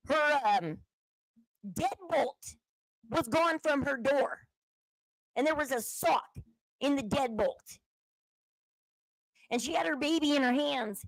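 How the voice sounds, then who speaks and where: A high-pitched woman talks in a loose, rambling commentary style, hopping between stories and searches on her computer. The sound is dry and close, with no room around her voice. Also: no room sound. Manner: chatty and rambling, acts out quoted people. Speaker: commentary channel host. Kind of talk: casual commentary while browsing on screen.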